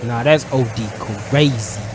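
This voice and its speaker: A young man hosting a reaction video, talking casually in excitable slang. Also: mid-range voice, unhurried, noisy background.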